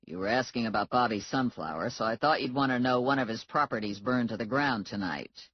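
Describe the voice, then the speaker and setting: A low, quiet man with a dry, deadpan delivery, the teasing boyfriend in a storybook romance, as a woman narrator puts him on. His voice sits well below the narrator's, soft and a little husky, in a slightly muffled audiobook recording. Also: a little fast.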